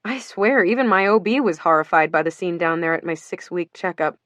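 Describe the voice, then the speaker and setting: A woman's voice: lowish voice, expressive, a little fast, a bit bright, no room sound. A woman voicing a tired young new mother in an audiobook, confiding and wry.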